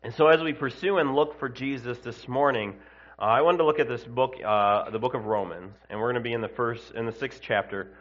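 A man preaching in a loose, conversational style, pausing on fillers and restarting his sentences. His voice is bright and forward with a slightly stuffy, congested quality. The recording sounds a little dull and lo-fi. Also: medium pitch. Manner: conversational, many fillers and restarts, animated when telling the joke. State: congested sinuses. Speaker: pastor. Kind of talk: Easter sermon with opening prayer and joke.

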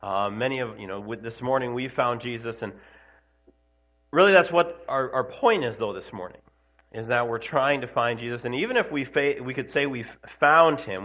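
A man's voice: medium pitch, lo-fi sound. A man preaching an Easter sermon in a conversational way, with many fillers and restarts and slightly congested sinuses. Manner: conversational, many fillers and restarts, animated when telling the joke. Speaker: pastor. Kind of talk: Easter sermon with opening prayer and joke.

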